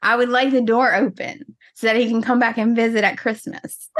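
Animated woman podcast co-host, slightly high voice. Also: normal speed. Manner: animated, dramatic, playful venting. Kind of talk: casual chat.

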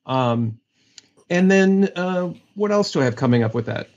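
A man's voice: high voice, expressive, normal speed, a little mellow. Man, voice actor guest, casual chat, rambling, self-correcting, muffled lo-fi sound. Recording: dull lo-fi audio.

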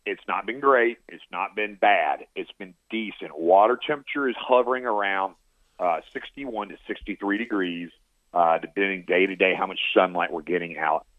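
A man with a fairly low voice giving a plain, practical fishing report. He comes through a tinny phone line, dry and thin. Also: moderate pace, dry recording. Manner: steady, plain-spoken, practical.

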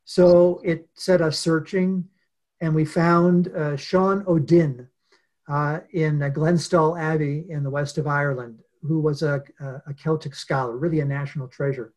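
A man being interviewed as a guest author, telling a story in an earnest, unhurried way with many pauses. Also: a little high, fairly even intonation, a little mellow. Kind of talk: reflective storytelling in conversation.

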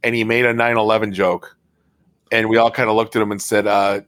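An American man with a fairly low voice, making laid-back, joking remarks in a casual podcast chat. The recording sounds dry and close, with little room echo. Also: level tone, fairly quick, a bit bright. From United States.

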